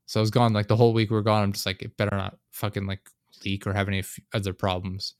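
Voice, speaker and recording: A man with a lowish voice tells a story in casual conversation, swearing freely as he vents. The sound is dry and close, with no room around it. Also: flat delivery, quick pace, dry recording. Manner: profane, ranting storyteller. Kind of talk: casual chat.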